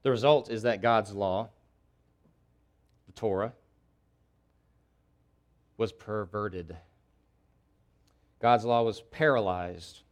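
A man's voice: fairly low pitch, takes it slowly, long pauses. Impassioned preacher man repeating for emphasis. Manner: impassioned preaching with emphatic repetition, voicing a prophet's pleas. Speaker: pastor. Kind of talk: sermon.

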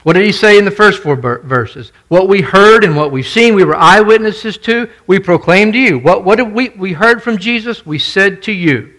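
A man preaching a sermon in a fairly high voice that swings widely in pitch. He is emphatic, repeats his main points and keeps asking his listeners questions. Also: animated, moderate pace, few pauses, fairly bright tone. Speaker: pastor.

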